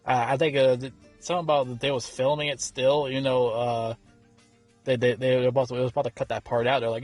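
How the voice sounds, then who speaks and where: A man's voice: mid-range voice, quick pace, soft background music. A man giving a casual film review, rambling and swearing freely, with many fillers and restarts. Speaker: movie reviewer.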